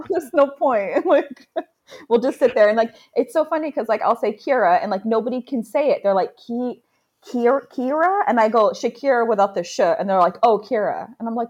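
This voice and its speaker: A woman's voice: fairly high pitch, a little mellow, muffled recording. A woman co-hosting a podcast in casual chat, telling stories animatedly and laughing often. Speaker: podcast co-host.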